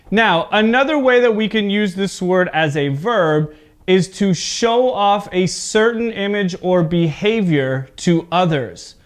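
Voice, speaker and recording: A man teaching an online English pronunciation lesson, explaining slowly and deliberately, repeating example words with exaggerated stress and checking in with "okay?". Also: high-pitched, smooth.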